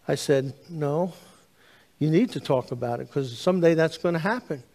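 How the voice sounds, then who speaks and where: A man, a pastor preaching a sermon, telling stories with lively acted-out dialogue. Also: a little high, a little slow, vocal fry. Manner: animated storytelling, acts out dialogue. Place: church sanctuary. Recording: long hall reverb.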